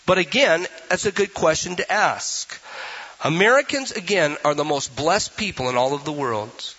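A man's voice: on the high side, expressive, normal speed, bright, forceful tone, slightly rough, lo-fi sound. A man preaching a sermon as pastor, emphatic and full of rhetorical questions.

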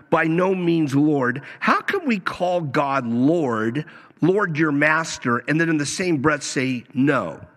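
A man's voice: a little high, fairly bright tone. A man preaching a sermon, emphatic, acting out the quoted lines as he goes. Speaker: pastor. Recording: long reverb of a hall.

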